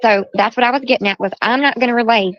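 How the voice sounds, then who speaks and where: Speaking fast in a voice on the high side, a middle-aged livestream host recounts an argument, quoting the exchange and going over the same points again. It's heated, casual storytelling, with no room sound on the dull, lo-fi stream audio.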